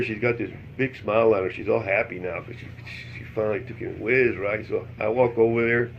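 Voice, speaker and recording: Lower-voiced man telling a rambling story. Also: gravelly, dull audio, a little hiss or hum. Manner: rambling, laughs through the story. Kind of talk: casual storytelling.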